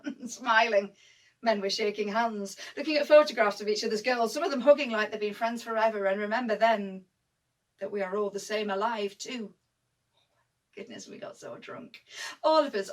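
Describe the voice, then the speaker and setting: A woman with a Northern English accent and a mid-range voice, close to an everyday voice, sounds far from the mic. She performs a dramatic monologue as a young First World War nurse telling her story, speaking in broad dialect with vivid, emphatic delivery.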